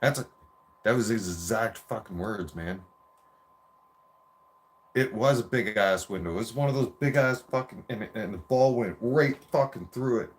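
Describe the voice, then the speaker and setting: A man's voice: lowish voice, normal speed. A man in his forties telling a rambling, profane childhood story in a casual rant.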